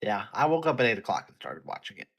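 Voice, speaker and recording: A man's voice: fairly low pitch, very animated, fast. A man co-hosting a casual wrestling podcast, chatting in an offhand, joking way. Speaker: podcast co-host.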